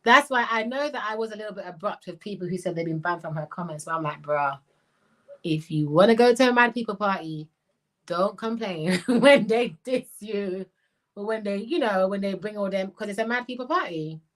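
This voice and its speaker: A middle-aged woman from Jamaica with a Jamaican accent, hosting a casual livestream, talking in an animated, blunt way and mixing in patois. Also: medium pitch, moderate pace, rough recording. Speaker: livestream host reading viewer chat.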